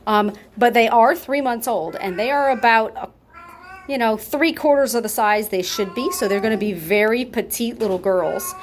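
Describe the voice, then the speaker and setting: A woman who fosters cats and volunteers with adoptions chats casually in an adoption video, her voice on the high side with lively intonation at a moderate pace. She talks up the kittens and coos baby talk at them while cats meow nearby at home.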